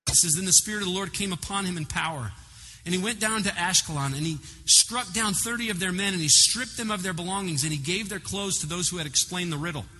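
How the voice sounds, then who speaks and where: A pastor delivers his sermon as lively storytelling, often breaking off to address the congregation. His high voice is very bright and sharp, quick-paced with a breathy edge, and a long reverb from a large hall lingers over faint ambience.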